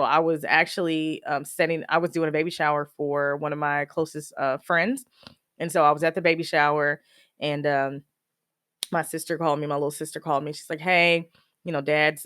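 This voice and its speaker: Animated woman telling a personal story. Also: deep voice, dry recording, studio quality. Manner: animated, slangy, acts out quoted dialogue. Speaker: podcast host.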